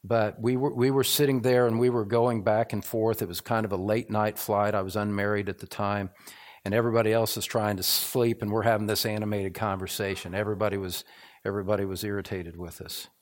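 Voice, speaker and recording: A man's voice: fairly low pitch, little pitch movement, a little fast. A middle-aged man preaching a sermon as pastor, earnest and building to fervent, repetitive emphasis.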